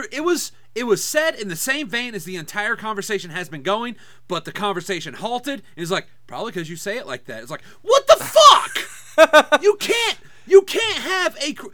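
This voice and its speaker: A man's voice: extremely high pitch, very animated, normal speed, few pauses, bright, forceful tone, no echo. A man co-hosting a podcast, chatting casually and ranting in a crass, profane way. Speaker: podcast co-host. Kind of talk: casual banter.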